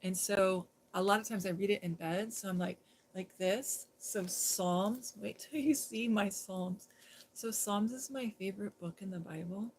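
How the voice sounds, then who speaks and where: A woman's voice: medium pitch, unhurried, slight background noise. Chatty, giggly woman on a phone live stream. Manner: chatty and giggly, talks to viewers in chat. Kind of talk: casual live-stream chat.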